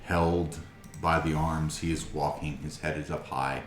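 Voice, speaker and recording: Man, game master, very deep voice, slow, hesitant, echoey room. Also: level tone, faint music behind. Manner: hesitant, many fillers. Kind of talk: narrating a tabletop game.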